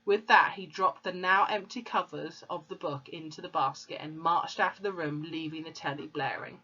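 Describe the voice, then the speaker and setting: A woman's voice: sits low, normal speed, pushed and bright. A woman reading a storybook aloud to children and explaining the pictures and words as she goes. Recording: dull lo-fi recording.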